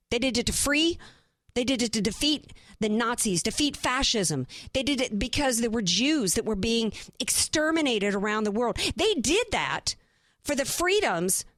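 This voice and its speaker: A woman's voice: a little high, lively intonation, normal speed, fairly bright tone, no echo. A woman hosting a talk radio show, delivering an impassioned, emphatic monologue full of rhetorical questions from a studio.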